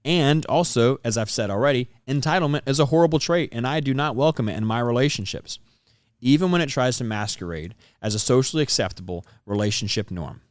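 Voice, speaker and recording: A man's voice: mid-range voice, animated, brisk. A man with a mid-range voice gives earnest relationship advice. He hammers his points home, says them twice, and swears now and then. The sound is dry and close, with no room echo. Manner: emphatic, repeats key points, swears casually. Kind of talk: casual advice monologue.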